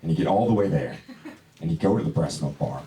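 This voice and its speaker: A man's voice: low-pitched, animated, fast. A young man doing a stand-up comedy set in a small lounge, rambling in a laid-back way with plenty of "dude" and "you know". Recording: echoey club, distant mic, loud crowd.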